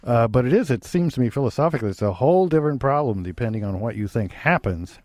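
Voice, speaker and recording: A man's voice: mid-range voice, lively intonation, fast talker, darkish tone, no room sound. A man co-hosting a call-in radio show, talking thoughtfully with many restarts and trailing-off phrases.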